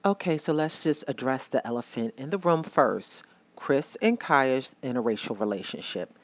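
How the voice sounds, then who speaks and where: Very deep-voiced woman reviewing movies. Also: expressive, moderate pace. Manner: chatty, addresses viewers directly; emphatic and opinionated. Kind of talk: casual vlog review.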